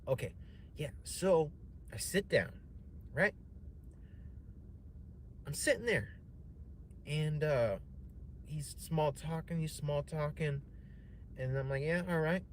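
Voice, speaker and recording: A young man with a mid-pitched voice tells a story on a casual stream. He rambles, restarts and swears freely, with faint noise behind him. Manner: rambling, profane, with many fillers and restarts. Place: home streaming setup.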